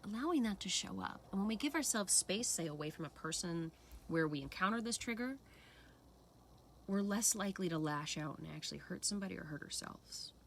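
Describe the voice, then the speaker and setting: A woman's voice: mid-range voice, animated, brisk, a little hiss or hum. A woman talking earnestly and expressively in a casual reflective way, acting out her own inner voices. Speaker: speaker sharing personal practice. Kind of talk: casual reflective talk to camera.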